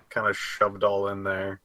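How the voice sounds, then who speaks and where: A man with a fairly low but bright voice talks through his character's gear at a slow pace. He rambles a little and corrects himself. The sound is dry and close. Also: no echo, poor audio. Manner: rambling, self-correcting, laughs easily. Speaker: player. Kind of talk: casual tabletop game play.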